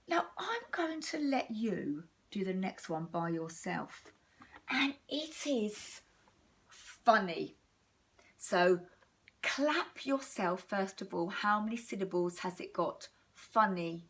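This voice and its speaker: English woman, primary phonics teacher, very slow, sing-song and encouraging, mid-pitched. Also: expressive, a bit bright. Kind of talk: recorded phonics lesson for young children.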